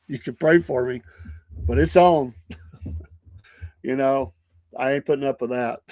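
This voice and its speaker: A man, a podcast host and preacher, telling stories in a casual, animated way, often breaking into laughter. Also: medium pitch, slow pace, no room sound. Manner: animated, laughing often, acting out quoted people.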